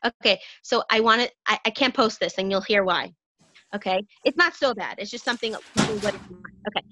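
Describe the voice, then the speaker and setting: A woman guest in a casual conversation, chatty and jokey, quick to laugh. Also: mid-range voice, pushed and bright, no room sound.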